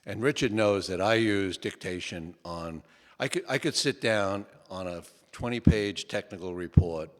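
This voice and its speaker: Older man telling stories in a hall. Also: low voice. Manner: folksy, repeats "okay?", frequent restarts. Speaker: author speaking at a book talk. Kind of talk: relaxed anecdotal talk to an audience. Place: lecture hall. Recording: long hall reverb.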